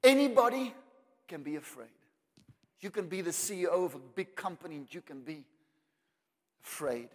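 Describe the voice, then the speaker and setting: A man preaching a sermon, swinging between loud climaxes and quiet asides. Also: a little high, normal speed, long pauses. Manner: dramatic preaching with rising shouts and soft drops. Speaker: pastor. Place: church hall. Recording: long hall reverb.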